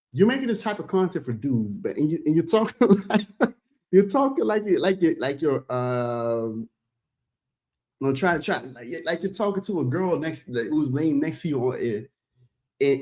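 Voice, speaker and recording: A man streaming a casual, animated reaction, stumbling over his words and calling his audience "bro.". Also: medium pitch.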